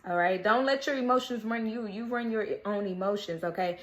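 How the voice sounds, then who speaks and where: A woman's voice: mid-range voice, fairly quick. A woman giving a casual daily horoscope tarot reading, chatty and earnest, often checking in with viewers with "okay?". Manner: earnest, coaxing. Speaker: tarot card reader.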